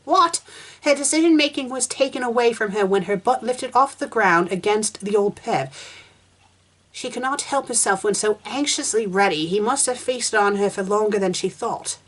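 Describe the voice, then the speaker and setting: A woman's voice: medium pitch, normal speed. A woman reviewer reading fan fiction aloud, breaking in with sarcastic, exasperated comments.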